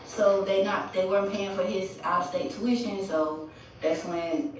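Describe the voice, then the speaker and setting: A young woman in her twenties rambles through a storytime vlog, lively and blunt, cursing freely and voicing the quotes herself. She sounds set back from the mic in a very echoey room, with a faint hiss underneath. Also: medium pitch, a little slow, far from the mic. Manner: animated, swears freely, acts out quoted dialogue. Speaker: vlogger telling a personal story. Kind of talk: casual storytime monologue.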